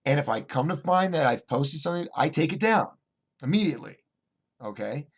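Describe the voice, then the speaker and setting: A man hosting a casual livestream, reading viewer chat aloud and rambling through restarts and fillers, swinging between excited bursts and low asides. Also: fairly quick, vocal fry, slightly rough. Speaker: host of a call-in livestream show.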